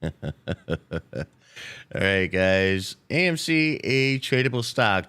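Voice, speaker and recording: A man's voice: medium pitch, expressive, takes it slowly, long pauses, bright, forceful tone, clean tone. A man hosting a live day-trading stream, chatting casually with viewers in a loose, playful way and swearing freely. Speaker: day-trading livestream host. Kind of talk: casual live market commentary.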